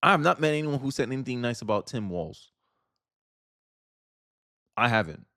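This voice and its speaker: A man's voice: medium pitch, lively intonation, normal speed, bright, forceful tone, dry recording, studio quality. A man from Florida hosting casual political commentary, talking emphatically with slang and frequent restarts.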